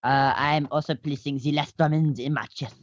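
A woman's voice: sits low, steady tone, normal speed, dry recording, highs cut off. A woman chatting casually during a game who keeps teasing the others with jokes. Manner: joking, teasing. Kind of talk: casual gaming chat.

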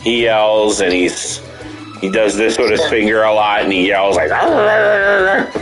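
A man's voice: lowish voice, fairly even intonation, moderate pace, over music, rough recording. A man hosting a game stream, chatting casually and joking at his own expense. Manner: jokey, self-mocking. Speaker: stream host. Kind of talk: casual chat while playing a party game.

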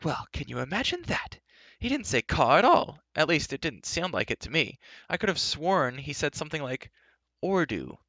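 A man's voice: on the high side, sing-song, moderate pace, pushed and bright, dry recording, voice pushed up, heavily acted. A man putting on a boastful bard. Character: boastful male wandering bard.

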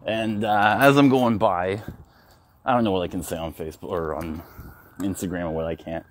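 In a casual walk-and-talk vlog, a man with a low voice speaks at a moderate pace with fairly even intonation. He's out walking his dogs down a city street with a handheld phone, sharing a story frankly and emotionally, complete with swearing and restarts.

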